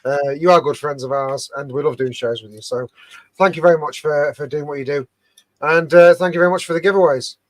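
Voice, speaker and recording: Guy rambling a sweary thank-you on a friends' show, slightly high voice, dry close sound. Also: fairly quick, dry recording. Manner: sweary, rambling sign-off with filler. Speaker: podcast co-host. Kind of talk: rowdy banter among friends.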